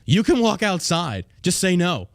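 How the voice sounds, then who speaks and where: A man's voice: high voice, very animated, measured pace, no echo, studio quality. A man hosting a podcast, ranting in a profane, mocking and heated way. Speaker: podcast host. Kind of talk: ranting political podcast commentary.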